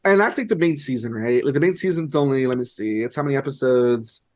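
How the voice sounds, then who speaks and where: A young podcast co-host chats casually, rambling along in an amused way and saying "like" constantly. His mid-range voice is fast and a little mellow.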